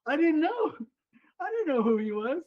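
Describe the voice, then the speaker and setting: High-voiced, animated older man. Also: normal speed, lo-fi sound. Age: 70s. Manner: lively, animated storyteller. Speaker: podcast guest, former runner and coach. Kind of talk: casual storytelling interview.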